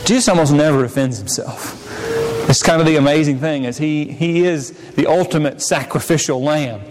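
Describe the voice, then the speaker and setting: A man preaching a sermon, his delivery impassioned, swinging between loud pleas and hushed, quiet passages. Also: a little high, normal speed, in a large hall, background noise. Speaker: pastor.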